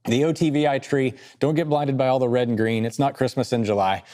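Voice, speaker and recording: A man co-hosting a podcast, talking through market charts in a casual, quick, joking way. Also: medium pitch. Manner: quick, joking, lively, laughs between points. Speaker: podcast co-host. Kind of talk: casual market analysis chat.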